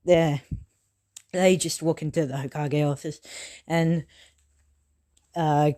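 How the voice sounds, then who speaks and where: A person improvising a fan-fiction story at home in a loose, unscripted way, stopping often to correct themselves. The talk is casual and peppered with swearing, and the pitch sits in a middle range. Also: steady tone, takes it slowly, long pauses, warm tone. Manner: rambling, loose and unscripted, full of self-corrections.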